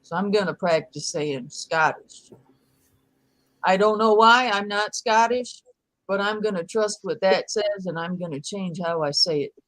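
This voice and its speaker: A woman's voice: mid-range voice, unhurried, no echo, rough recording. A woman who grew up in a country village, co-hosting a casual livestream chat and reading text aloud in a matter-of-fact way. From rural village upbringing. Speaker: co-host.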